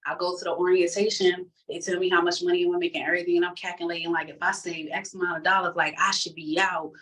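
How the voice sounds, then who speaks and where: A woman's voice: on the low side, far from the mic, low-quality recording. Casual woman telling her testimony. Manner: animated, acts out the other people in her story; casual, conversational speech. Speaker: person giving a testimony. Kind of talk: personal testimony storytelling.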